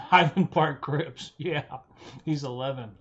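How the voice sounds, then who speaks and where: A man's voice: a little high, slow, a bit bright. A middle-aged man hosting a live trading stream in casual chat, talking offhandedly with plenty of swearing and mumbling asides. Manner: profane, offhand, mumbles under his breath. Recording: slightly dull audio with faint hiss.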